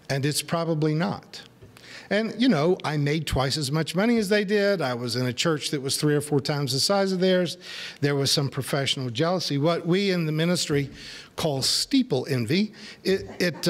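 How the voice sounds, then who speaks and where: Man preaching a candid storytelling sermon. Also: a little high. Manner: conversational storytelling with self-deprecating humor. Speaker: pastor.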